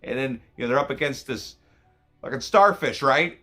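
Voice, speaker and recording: A man's voice: lively intonation, normal speed, pushed and bright, soft background music. Profane rambling man reviewing a movie. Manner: profane, rambling, self-interrupting; voice jumps high when emotional.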